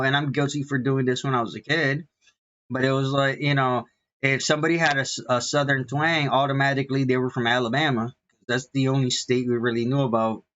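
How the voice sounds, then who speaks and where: An American man speaks in a loose, earnest monologue, circling back and repeating phrases as he preaches his point. His pitch sits in a middling range. The recording sounds muffled and lo-fi. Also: a bit bright. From United States. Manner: repetitive, restarts often, earnest. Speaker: vlogger and minister. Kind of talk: rambling casual monologue. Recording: dull lo-fi sound.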